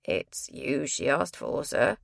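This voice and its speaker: A woman's voice: very deep voice, big pitch swings, slow pace, creaky, breathy edge, no echo, studio quality, voice pushed down, exaggerated voice. A woman voicing a sheepish male footman who speaks hesitantly and deferentially.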